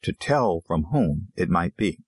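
A man narrating an audiobook in a measured storytelling manner. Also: low voice, animated, breathy edge, no room sound. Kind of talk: scripted narration.

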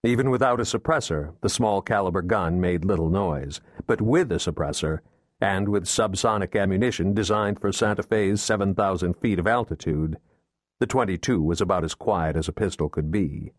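A man reading a thriller audiobook in steady, measured scripted narration, recorded on a close studio mic. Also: low voice, no room sound. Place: recording booth.

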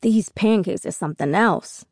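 A teasing, hungry brother from a storybook, relishing every word, as a woman narrator puts him on. The tone is mellow and the sound close and dry. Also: mid-range voice, normal speed, dry recording, lightly acted.

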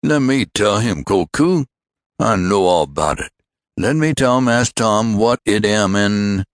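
A man's voice: fairly low pitch, animated, normal speed, fairly bright tone, no echo, clean studio sound. A man voicing an eager, pleading old male servant in an audiobook for children. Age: older. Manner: pleading, insistent.

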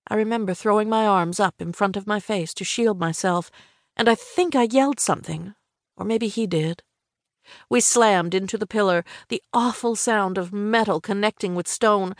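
A woman reads a first-person mystery novel in a measured, steady manner. Her voice sits at a middle pitch. The studio sound is close and dry. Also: no room sound. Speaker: audiobook narrator. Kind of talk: scripted first-person narration.

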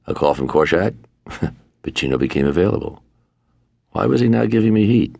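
An older man with a gravelly voice, narrating his own memoir in a wry manner, at times dropping to a murmur. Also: a bass voice, big pitch swings, normal speed, long pauses, darkish tone, no room sound. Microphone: close studio mic.

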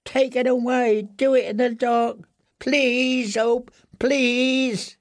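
A shattered captive whimpers and begs in a thin, squeaking voice, high above the narrating man's own register. He sobs and pleads, his words dragged out slowly. This storybook reading comes dry and close. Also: fairly even intonation, no echo, exaggerated voice. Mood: pleading terror. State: crying. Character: broken, terrified male prisoner, half-mad.

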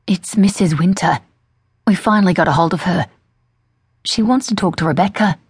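A woman voicing a brisk, businesslike policewoman passing on a phone call. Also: fairly low pitch, husky, dry recording, clean studio sound.

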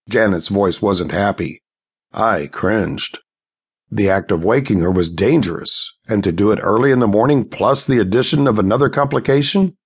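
Gravelly low-voiced male audiobook narrator. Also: expressive, moderate pace. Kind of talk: scripted first-person audiobook narration.

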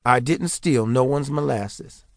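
A man doing a calm, plainspoken country father. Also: medium pitch, unhurried, dry recording, studio quality, lightly acted. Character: calm poor rural father denying a charge.

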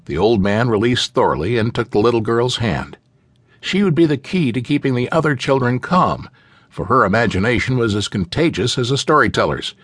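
A man reads an epic fantasy novel with an animated, widely varied pitch. His storytelling is vivid and expressive. The studio recording is very dry and close. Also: slightly rough, no echo. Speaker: audiobook narrator. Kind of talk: scripted fantasy narration.

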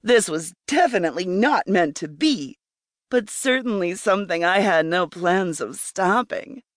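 A woman narrating a first-person erotic story in a slow, breathy, intimate way. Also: fairly low pitch, lively intonation, no room sound, clean studio sound. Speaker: audiobook narrator.

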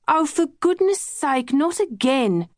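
An exasperated, image-conscious mother, as a woman narrator puts her on in an audiobook. She talks in a clipped, scolding way at a raised pitch. The recording is close and dry. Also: expressive, normal speed, no room sound, lightly acted. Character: impatient, image-conscious mother of two girls.

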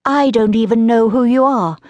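A woman's voice: normal speed, no room sound, lightly acted. A woman narrator voicing a spirited, slightly peevish young girl in an audiobook. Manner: higher and brighter than the narration. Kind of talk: audiobook character voice.

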